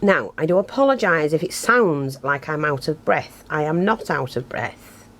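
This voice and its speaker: This craft tutorial comes from a woman with a low, expressive voice speaking at normal speed. She keeps it casual and chatty, pokes fun at herself, and thinks aloud as she works, with the camera close to her hands picking up her breathing.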